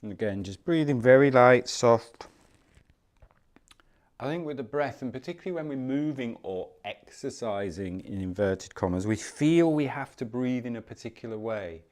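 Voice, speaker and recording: A man leading a morning movement class in a mid-pitched, steady voice. He cues each step calmly and without hurry, and adds gentle encouragement. He shifts closer to and away from the mic as he demonstrates. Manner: calm, unhurried cueing with soft encouragement. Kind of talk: guided movement class instruction.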